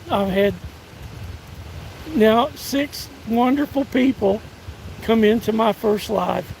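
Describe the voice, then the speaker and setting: A hoarse older man from the United States, live streaming on a phone outdoors in windy woods, chatting in a folksy, halting way and thanking viewers by name. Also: high voice, darkish tone, rough recording. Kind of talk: casual live-stream chat. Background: faint wind and rustling leaves.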